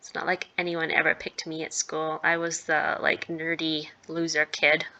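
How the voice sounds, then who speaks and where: A woman's voice: low-pitched, monotone, moderate pace, bright, forceful tone, voice pushed down. A woman reading a shy, nervous teenage girl's inner narration and dialogue from a story game, in an anxious, earnest way. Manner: anxious, self-deprecating, earnest. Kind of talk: reading visual novel narration.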